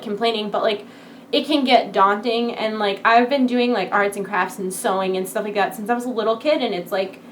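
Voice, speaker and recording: A woman's voice: mid-range voice, a bit bright, a little hiss or hum. A woman in her twenties chatting casually to camera from home, full of filler words. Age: 20s. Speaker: vlogger. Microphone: computer desk setup.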